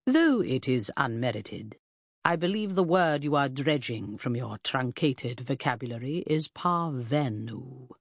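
A woman doing a cutting, haughty Victorian gentleman detective. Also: a bass voice, expressive, a little slow, no echo, clean studio sound, voice pushed down, full character voice. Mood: imperious. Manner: cutting, precise, imperious. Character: haughty, sharp-tongued Victorian male detective. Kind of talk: audiobook character voice.

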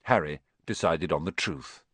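A man narrating an audiobook with expressive storytelling. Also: a bass voice, moderate pace, slightly rough, dry recording. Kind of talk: scripted narration.

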